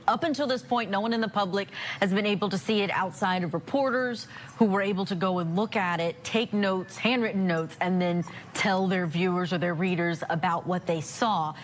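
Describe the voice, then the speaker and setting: A woman leading a televised news panel, measured as she explains and asks questions. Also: mid-range voice, a little hiss or hum. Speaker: news anchor. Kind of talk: broadcast news discussion.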